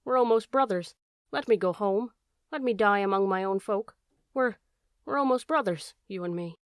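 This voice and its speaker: A woman voicing a badly wounded old male fox in a storybook reading, who begs quietly and snarls with hatred. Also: on the low side, steady tone, moderate pace, dry recording, clean studio sound, natural voice. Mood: lamenting. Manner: pleading, then snarling and hissing with contempt.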